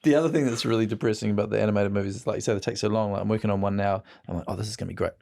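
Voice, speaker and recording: A man's voice: fairly low pitch, steady tone, very fast, creaky, warm tone. A middle-aged man with a New Zealand accent, a guest telling rambling, self-mocking stories in casual chat. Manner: rambling, self-mocking storyteller who laughs often.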